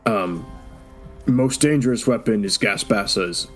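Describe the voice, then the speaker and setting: Guy doing a simple brute, broken words, slow and plodding. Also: lowish voice, soft background music, natural voice. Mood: earnest. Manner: broken grammar, talks about himself in third person. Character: blunt male brute speaking in broken phrases.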